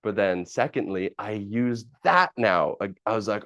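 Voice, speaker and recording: A man's voice: medium pitch, sing-song, moderate pace, hardly any pauses, no room sound, studio quality. A man hosting a live stream, telling a personal story casually, rambling with fillers, restarts and the odd swear word.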